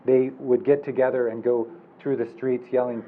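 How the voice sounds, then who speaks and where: A man's voice: medium pitch, little pitch movement, moderate pace, phone-quality sound. A man moderating a panel, a professor telling wry, rambling stories. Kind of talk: panel discussion.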